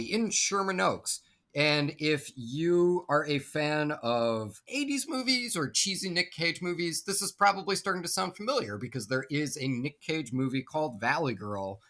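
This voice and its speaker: A man's voice: on the high side, pushed and bright. A man co-hosting a podcast from his apartment, bantering playfully in casual chat. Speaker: podcast co-host. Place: home apartment.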